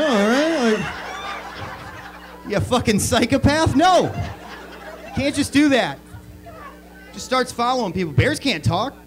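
A man doing crude, animated stand-up comedy on a club stage, acting out bits as he goes. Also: very high-pitched. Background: audience laughter.

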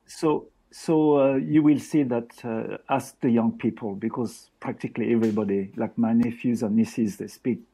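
A man's voice: medium pitch, fairly even intonation, normal speed, hardly any pauses, mellow, slightly rough. An older man from France with a French accent, chatting as a podcast guest with frequent restarts. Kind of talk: casual podcast chat.

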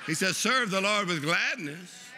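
A preacher, delivering an exuberant sermon and leading the congregation in laughter. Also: male voice, high voice, animated, a little slow, background noise. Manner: exuberant, leads the crowd in laughing. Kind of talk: lively sermon.

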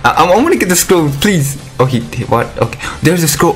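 A man giving live commentary on a mobile game, excitable and chatty with his viewers, breaking into squealing outbursts. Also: fairly high pitch, fairly quick, few pauses, music in the background. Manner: pleading and chatty toward viewers.

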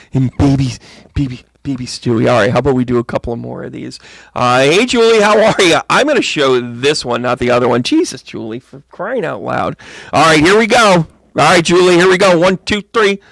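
A man's voice: mid-range voice, creaky, a bit bright, no room sound. A man reading tarot cards on a live stream in a casual, joking, chatty way, greeting viewers by name. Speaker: psychic medium and tarot reader.

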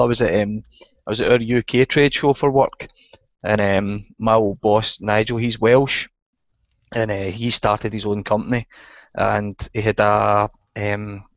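A Scottish man, a podcast guest, telling a story in a relaxed, casual way. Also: lowish voice, no room sound. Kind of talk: casual chat. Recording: dull lo-fi sound.

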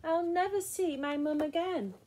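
A woman's voice: mid-range voice, animated, slow pace, a little mellow. A woman voicing an eager little girl spider who loves counting, in a sing-song children's storybook reading. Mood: wailing.

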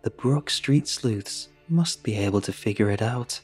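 A man's voice: lowish voice, expressive, unhurried, darkish tone, husky, faint music behind. A man voicing an ancient witch who poses as a sweet older woman, with a sly, teasing, cackling manner, in a horror story reading.

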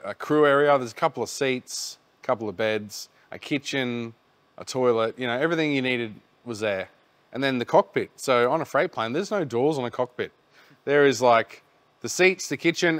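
Aussie bloke rambling thru a story, swears a lot, easygoing. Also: male voice, mid-range voice, normal speed, fairly bright tone. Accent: Australian. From Australia. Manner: rambling, laid-back, swears freely. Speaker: podcast host. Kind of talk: casual storytelling chat.

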